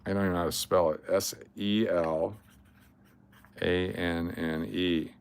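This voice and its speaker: A man's voice: sits low, steady tone, unhurried, creaky, clean tone. An older man hosting a casual livestream, rattling off lists of cards and chatting to viewers. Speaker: livestream host.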